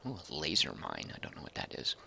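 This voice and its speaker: A man's voice: rumbling low, wildly swooping pitch, quick pace, creaky, bright, forceful tone, slightly rough, whispered. A man casually commenting as he streams a game, thinking aloud and reading out viewer comments.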